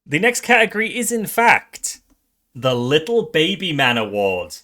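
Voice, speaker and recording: A man hosting his own game awards on a live stream, excitable and swearing, often stumbling and restarting his sentences. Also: on the high side, measured pace.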